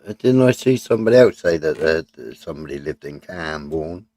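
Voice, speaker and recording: A man's voice: rumbling low, lively intonation, fairly quick, darkish tone, dry recording, clean studio sound. A man hosting a live stream, bantering with viewers in a blunt, sweary, jokey way. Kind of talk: casual banter with chat.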